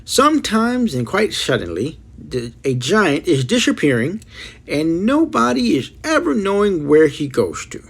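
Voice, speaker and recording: A man's voice: very animated, a little slow, creaky, husky, exaggerated voice. A man voicing a very old, kindly giant who talks in jumbled, mangled grammar. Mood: rambling. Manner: mangled grammar, booming cries.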